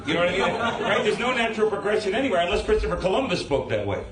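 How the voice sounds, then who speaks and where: A man with a New York accent doing stand-up comedy, animated and laughing as he talks. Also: high voice, rapid-fire. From born in New York, raised in Florida. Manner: animated, laughing, does mock voices. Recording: live show with echoey room and loud crowd.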